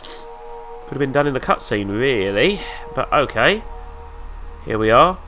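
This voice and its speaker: A man's voice: mid-range voice, very animated, unhurried, pushed and bright, faint music behind. A man with a nasal, flu-stuffed voice, giving casual, sarcastic commentary while playing a video game. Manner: sarcastic, exasperated asides. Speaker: let's play host.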